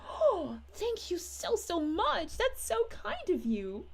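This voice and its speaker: A woman voices a sweet, bubbly young princess on a livestream, reading and responding to chat in character. Her very high voice swoops wildly in pitch, slow and heavily acted with vocal fry, as she gushes and giggles in a sing-song way.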